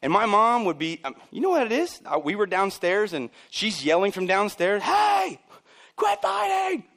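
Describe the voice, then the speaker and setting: A man's voice: high voice, lively intonation, normal speed, sharp tone. Joking man preaching a sermon. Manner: conversational and joking, acts out voices of people he quotes. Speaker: pastor. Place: church.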